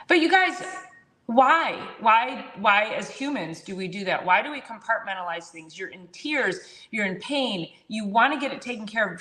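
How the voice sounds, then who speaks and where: A woman hosting a chiropractic talk show, telling a patient story in a casual, animated way and acting out both sides of the conversation. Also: mid-range voice. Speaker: chiropractor and podcast host. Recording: roomy echo.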